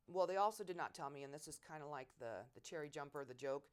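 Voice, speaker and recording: A middle-aged woman in an oral history interview, telling war stories in a lively way and acting out quotes loudly. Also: sits low, fast talker, clean tone. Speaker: veteran interviewee.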